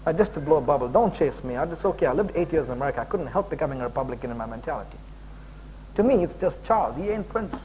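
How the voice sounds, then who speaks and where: A middle-aged man from India preaches with a high voice that leaps around wildly, swinging from low asides up to sharp emphatic bursts. His delivery is jokey and lively, with a faint hum underneath. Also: very fast, rough recording. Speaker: guest preacher. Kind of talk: sermon.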